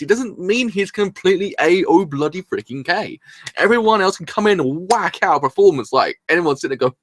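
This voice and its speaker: A rambling, excitable man reacts live from his room, his voice a touch higher than most and slightly sore in the throat. He swears casually as he talks. The sound is close and dry, with no room echo. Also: brisk. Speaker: anime reviewer.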